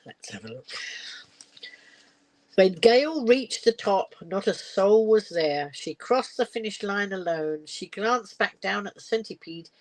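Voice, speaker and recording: A woman's voice: medium pitch, animated, unhurried, a little mellow, no room sound, rough recording. An older woman, reading a children's picture book aloud on a live stream and breaking off for chatty asides. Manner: chatty asides, laughs often.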